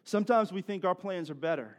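Pastor guy in his 40s, kinda high voice, chatty preaching, talks right to the crowd. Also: quick pace. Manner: conversational, animated storytelling with laughs and asides to the congregation. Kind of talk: sermon.

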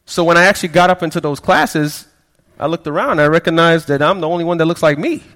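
A man gives a fast-paced sermon testimony in a slightly high voice, which echoes with long reverb like a big hall. His loose storytelling often stalls on a word he repeats before continuing, and he lowers his voice to quote other people.

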